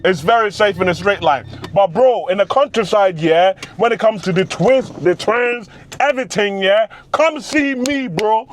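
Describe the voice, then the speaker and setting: A brash young man, full of street slang, boasts about his driving from inside a car. His voice sits high and is wearing hoarse. The engine and road rumble loudly beneath him. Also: moderate pace, few pauses. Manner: boastful, loud bursts of hype, street slang. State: losing his voice. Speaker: car vlogger. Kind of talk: excited in-car commentary. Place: inside a car on country roads. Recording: car noise behind the voice.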